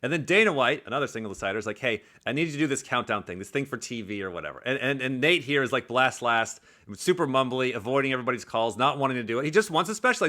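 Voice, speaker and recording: A man talks fast and loose about what he has just watched, cursing freely and chuckling between points. His voice is bright and pushes forward with energy. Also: medium pitch. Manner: profane, animated, laughs often. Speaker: personality typing commentator. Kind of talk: casual commentary over clips.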